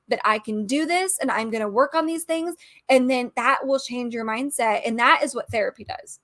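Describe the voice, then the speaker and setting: A woman talks in a casual podcast chat, earnest and opinionated, acting out small quoted lines as she makes her points. Her voice sits a little high, and the sound is dry and close with no room echo. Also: moderate pace, fairly bright tone. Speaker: podcast co-host.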